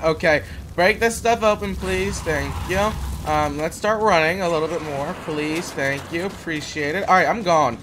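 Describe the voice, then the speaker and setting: A man's voice: fairly high pitch, moderate pace, background noise. A young man giving let's play commentary, jumpy and sarcastic, yelping when startled. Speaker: gamer.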